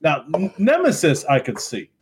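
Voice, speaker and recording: Animated, laughing podcast co-host man. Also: a little high, normal speed. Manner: animated, laughs often, trails off with ums. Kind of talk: casual drinking chat.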